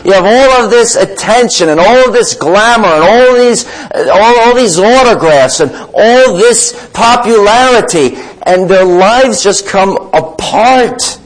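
Animated man preaching a sermon. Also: high-pitched, unhurried, hardly any pauses, poor audio. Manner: animated storytelling, voices the disciples and Jesus; reads scripture aloud.

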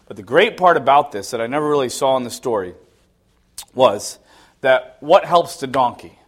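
Animated man preaching a sermon. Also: moderate pace. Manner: animated storytelling, swinging from low mutters to high loud exclamations; laughs at himself between lines. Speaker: pastor.

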